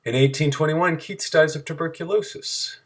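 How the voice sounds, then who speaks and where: A man reading a timeline of dates from his notes, halting and correcting himself as he goes. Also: a little high, husky. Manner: halting, self-correcting, reads dates aloud.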